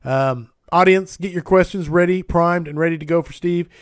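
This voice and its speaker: A man's voice: a little high, normal speed, no echo, studio quality. Upbeat man hosting a podcast. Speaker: podcast host. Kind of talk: casual live-stream interview.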